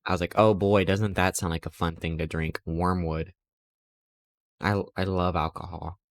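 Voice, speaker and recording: Low-voiced man rambling playfully. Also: steady tone, brisk, no echo. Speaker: streamer. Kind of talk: casual chat while streaming.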